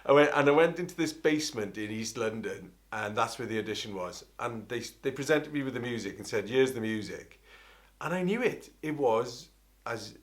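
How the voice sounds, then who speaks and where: A middle-aged Welsh man, an opera singer, telling an animated, rambling story and often interrupting himself. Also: medium pitch. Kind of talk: anecdotal storytelling.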